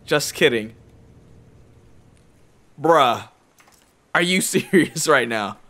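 A young man giving excitable, jumpy commentary while playing a horror game, repeating himself and using slang. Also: mid-range voice, extremely slow. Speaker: gamer.

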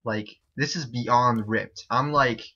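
A young man chatting excitably and repeating himself as he gives casual commentary on a game he is playing. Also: mid-range voice, slow pace, slightly rough. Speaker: gaming YouTuber. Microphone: desk mic, no headset. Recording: dull lo-fi home recording.

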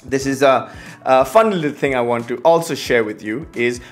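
A young man reviewing whisky to camera at home, telling a story in a lively way and acting out what he said, with many "uh" fillers. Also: mid-range voice, moderate pace, faint music behind. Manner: animated storyteller, acts out his own past remarks; frequent filler "uh" and restarts. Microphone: fixed camera setup.

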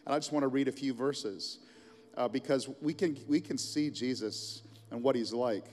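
Middle-aged pastor preaching in a reverberant hall. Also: male voice, mid-range voice, moderate pace, darkish tone. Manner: casual, storytelling delivery with asides. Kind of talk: sermon.

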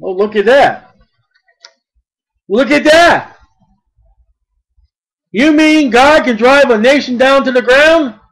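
A man preaching a sermon, blunt and folksy, mocking at times and rising to shouts. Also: extremely high pitch, slow pace, pauses often, poor audio.

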